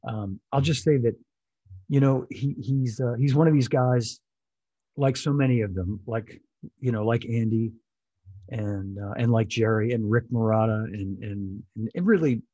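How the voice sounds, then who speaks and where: A man's voice: medium pitch, measured pace, warm tone, husky, muffled recording. A man hosting a live online chat, introducing his guest enthusiastically with frequent restarts. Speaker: host. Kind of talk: casual interview. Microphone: video call.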